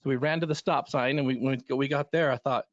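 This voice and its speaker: A man's voice: medium pitch, fairly even intonation, fast talker, no room sound. A middle-aged man who coaches runners in recovery, telling stories in a panel discussion in an earnest, rambling way full of restarts. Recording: slightly dull lo-fi audio.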